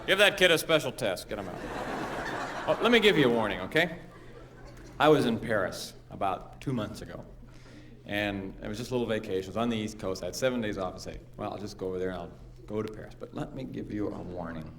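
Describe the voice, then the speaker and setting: A man's voice: fairly low pitch, expressive, fairly quick, fairly bright tone. A man doing live stand-up comedy, mock-earnest and silly, slipping into goofy voices. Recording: echoey live hall recording with audience noise.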